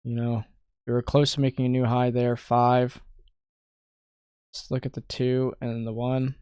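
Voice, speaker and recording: Young man, from Canada, casual live-stream talk, frustrated muttering, mid-pitched voice, dry close mic. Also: flat delivery, measured pace, a little mellow, clear, resonant tone, no echo. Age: young adult. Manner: frustrated muttering, thinking aloud, swearing. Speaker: day trader streaming live.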